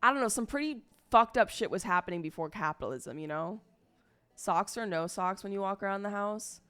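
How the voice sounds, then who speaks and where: A young woman talking off the cuff on a live stream, rambling from one topic to the next and swearing freely. Her voice sits at an ordinary middle pitch for a woman, and she speaks in a loose, unscripted chat style. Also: expressive, fairly quick, fairly bright tone, clean tone.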